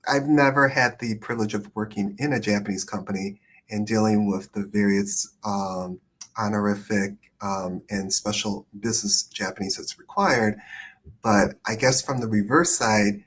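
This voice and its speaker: Husky-voiced man hosting a live chat. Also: on the low side, normal speed, a bit bright. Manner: thoughtful, hedging with frequent ums. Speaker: immigration attorney and live stream host. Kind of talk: conversational live stream chat.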